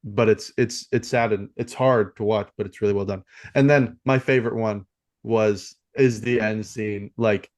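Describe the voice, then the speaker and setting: A man's voice: lowish voice, steady tone, moderate pace, a little mellow. A man co-hosting a film podcast, talking casually and rambling with many fillers and restarts. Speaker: podcast co-host.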